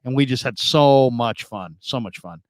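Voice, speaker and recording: Rambling sports radio host, dry sound. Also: male voice, medium pitch, moderate pace, no echo. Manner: loose and rambling, repeats himself, laughs often. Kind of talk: casual chat reading listener comments.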